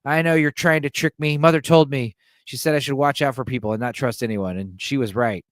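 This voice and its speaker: A man's voice: mid-range voice, fairly even intonation, a little fast, no room sound, clean studio sound, lightly acted. A man voicing a wary, distrustful young girl in a casual film retelling, speaking in a defiant, suspicious way.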